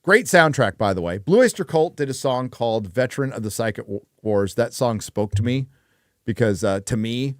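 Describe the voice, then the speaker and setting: A male livestream host talks in a blunt, profane rant, peppered with "uh" fillers. His voice sits at a middle pitch and is recorded dry and close. He keeps a loose, casual chat going. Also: animated, moderate pace, no room sound. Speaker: livestream host reading viewer donations.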